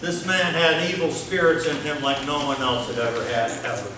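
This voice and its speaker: A man preaching a sermon as pastor, telling the story in an animated way, with playful sound effects and questions to the congregation. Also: on the high side, normal speed. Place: church sanctuary. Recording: very echoey church room from a distance with noise.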